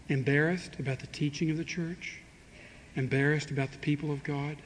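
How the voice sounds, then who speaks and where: Speaking at a normal pace with a steady tone, this man's voice sits on the high side as he delivers a chatty sermon. He asks the congregation rhetorical questions and performs quoted lines with dry wit, all captured with long hall reverb and faint background noise.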